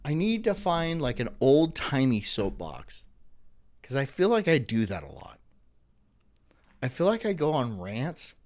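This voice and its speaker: A man's voice: mid-range voice, sing-song, unhurried, long pauses, darkish tone. A man hosting a livestream, ranting profanely and animatedly about news clips. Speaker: livestream host.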